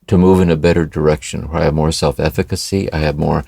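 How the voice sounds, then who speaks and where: A man's voice: extremely low pitch, fairly even intonation, quick pace, vocal fry, mellow, no room sound, clean studio sound. An older man, co-host of a spiritual podcast, talking in a meditative, reflective way and often asking "see?". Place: home by the ocean.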